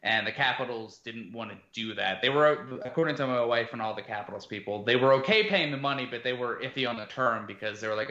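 A man's voice: mid-range voice, animated, fairly quick, hardly any pauses, pushed and bright. A man co-hosting a casual sports podcast, rambling through his analysis with lots of fillers. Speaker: podcast co-host. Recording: roomy, dull lo-fi sound.

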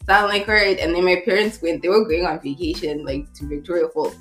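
A woman's voice: lowish voice, steady tone, fast, faint music behind. A woman telling a personal story in a candid, rambling way, full of "like". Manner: rambling, heavy use of "like", emotional but laughing at times.

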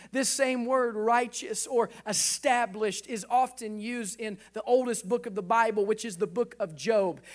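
A pastor in his thirties preaches a sermon in a very high-pitched voice, delivering it with animation and acting out bits of dialogue.

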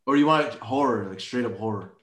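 A man's voice: mid-range voice, fairly quick, a bit bright, echoey room. A young man co-hosting a casual podcast, playful and asking questions. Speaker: podcast co-host. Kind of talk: casual chat.

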